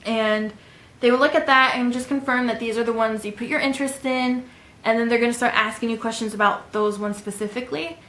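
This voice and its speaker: A young woman in her twenties talks through casual tips to camera in a slightly high voice. She rambles chattily, filling gaps with ums. The room around her sounds echoey. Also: fairly even intonation, fairly quick, a bit bright. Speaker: vlogger. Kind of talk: casual advice vlog.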